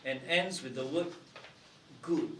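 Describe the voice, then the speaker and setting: A man's voice: on the high side, a bit bright, a little hiss or hum. A man in his sixties preaching a sermon as pastor at a prayer meeting, explaining carefully and often checking with "right?". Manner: measured, explanatory, frequent "right?" and "uh". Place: church hall. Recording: echoey church hall, mic at a distance.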